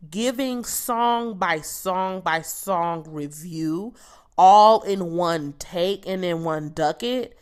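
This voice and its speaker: A young woman hosting a solo podcast, giving a casual, candid album review in a chatty, blunt way with some swearing. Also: fairly low pitch. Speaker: podcast host.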